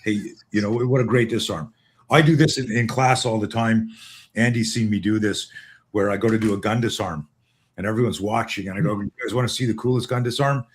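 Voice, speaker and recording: A man's voice: on the low side, fairly even intonation, brisk, a little hiss or hum. Emphatic Canadian American man. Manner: rambling, emphatic, many restarts. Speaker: co-host. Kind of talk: casual video call conversation.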